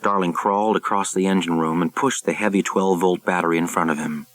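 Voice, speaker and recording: A man narrating an audiobook in a measured, dramatic storytelling manner, recorded close to the mic. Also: deep voice, steady tone, fairly bright tone, no room sound, poor audio.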